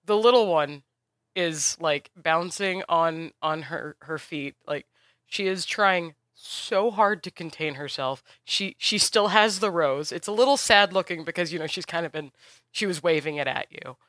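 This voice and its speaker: A game master describes the scene in a casual, rambling way. The voice is bright and crisp, and the recording is dry and close-miked. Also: medium pitch, measured pace, dry recording. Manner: casual, descriptive narration with fillers. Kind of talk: narrating a tabletop game.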